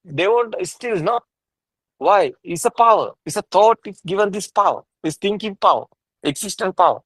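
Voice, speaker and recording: A man teaching Buddhism in a casual discussion over a video call, halting and repetitive, with frequent soft laughs. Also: high voice, expressive, no room sound, poor audio.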